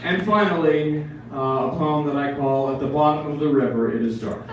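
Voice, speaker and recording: A man's voice: a little high, moderate pace, background noise. Wry man reading poetry live. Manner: wry, with joking asides. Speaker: poet. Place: live event room. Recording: echoey room, mic far off.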